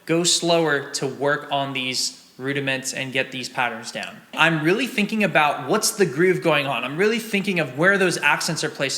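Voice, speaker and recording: A man's voice: on the high side, lively intonation, moderate pace, few pauses, bright, forceful tone, slight background noise. A young man teaching a snare drum exercise, encouraging and counting and vocalizing the rhythms aloud. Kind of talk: drum lesson walkthrough. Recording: roomy, with drums and metronome playing.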